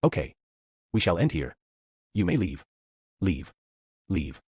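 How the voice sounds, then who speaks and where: A man reads as a calm, enchanting woman spirit medium who guides a listener in soft, hypnotic tones. The voice sits very low and a touch husky, with a lively rise and fall. The sound is dry and close. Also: slow, no echo, full character voice. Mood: dismissive.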